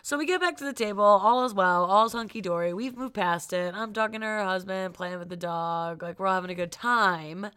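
A young woman co-hosting a podcast, telling a story in casual chat, animated and laughing often. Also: medium pitch, brisk, hardly any pauses, clear, resonant tone. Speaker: podcast co-host.

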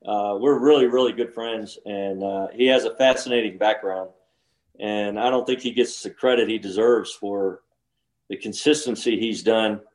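A man's voice: fairly low pitch, steady tone, normal speed. A man in his sixties, a former pro golfer co-hosting a casual chat, telling stories with frequent restarts. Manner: rambling storyteller with frequent restarts.

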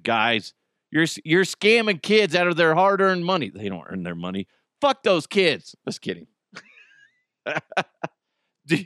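A man hosting a podcast alone, chatting casually in an animated, profane, rambling way. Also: medium pitch, no echo, clean studio sound. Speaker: podcast host. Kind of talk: casual solo podcast chat.

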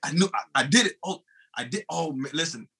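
An American man in his thirties, once a sprinter, tells a race story in lively, casual talk, cursing and calling the host bro. His voice sits on the high side and moves a little fast, with a creaky, breathy edge.

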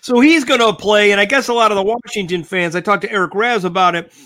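High-pitched rambling man. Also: fast, sharp tone. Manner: rambling, listing teams, trails off. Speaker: sports talk co-host. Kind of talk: casual sports chat.

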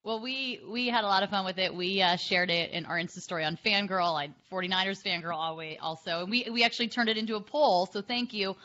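A woman hosting a sports podcast, upbeat and quick to laugh as she interviews a guest. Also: medium pitch, bright, forceful tone, highs cut off. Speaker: podcast host.

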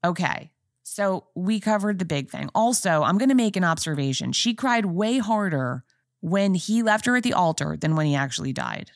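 A woman's voice: lowish voice, animated, normal speed, dry recording. Chatty woman podcaster, dry close sound. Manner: gushing, chatty and emphatic, talking straight to listeners. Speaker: podcast host. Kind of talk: casual chat recap.

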